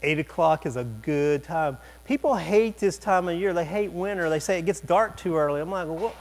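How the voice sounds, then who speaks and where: A man preaching a sermon as a pastor, telling a story with lively humor and quick asides. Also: on the high side. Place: church sanctuary.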